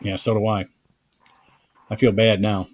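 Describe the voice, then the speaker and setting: A man's voice: on the low side, little pitch movement, a little slow, no echo. A male host chatting casually, backing up his guest and steering the conversation. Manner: eager, affirming, steers the talk. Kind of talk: casual chat.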